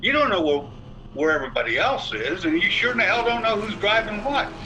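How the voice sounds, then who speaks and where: Animated older man with a drawl. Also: high-pitched, brisk, poor audio. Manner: animated, folksy storyteller, colorful cursing. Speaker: racing driver guest. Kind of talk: storytelling interview over video call. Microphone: video call.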